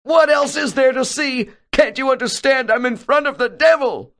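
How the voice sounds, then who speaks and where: A man voicing a terrified evangelical preacher who cries out in a shrill, shouting voice. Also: big pitch swings, slow pace, full character voice. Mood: loathing. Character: terrified male evangelical preacher, fiery, shaken, stubborn.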